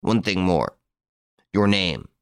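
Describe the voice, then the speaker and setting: A man's voice: deep voice, expressive, slow pace, smooth, no echo, studio quality, exaggerated voice. A man reading as a bitter, cornered blackmailer. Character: desperate, grasping blackmailer, adult man.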